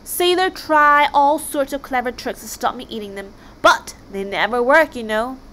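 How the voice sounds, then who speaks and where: A woman voicing a huge, hungry male sea monster who is chatty, menacing and easily flattered. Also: high-pitched, moderate pace, low-quality recording.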